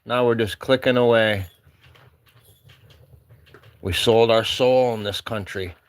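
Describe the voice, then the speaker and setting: A man's voice: mid-range voice, fairly even intonation, slow, dry recording. A man vlogging casually from his cabin with a rambling, wry manner and an Upper Midwest American accent. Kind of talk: casual chat. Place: remote cabin.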